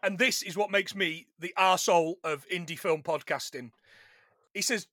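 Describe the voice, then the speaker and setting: Man in his forties, podcast co-host, bright high voice, lively and expressive, dry close sound. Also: normal speed, no room sound. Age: 40s. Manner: animated, swearing, laughs often. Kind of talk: casual film podcast chat.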